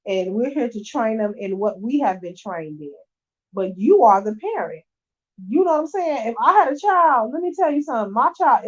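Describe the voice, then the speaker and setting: In a muffled clip, a middle-aged woman with a slightly high voice talks to camera while resting in her bed at home. An early-childhood teacher, she's emphatic and chatty, frequently checking "you know what I'm saying."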